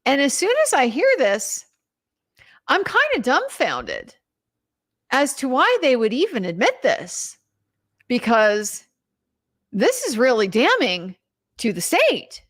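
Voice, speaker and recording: A woman's voice: sits high, wildly swooping pitch, slow, long pauses, a bit bright. A young woman commenting on a trial in a casual recap, incredulous and emphatic, reading out quotes as she goes. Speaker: legal commentator.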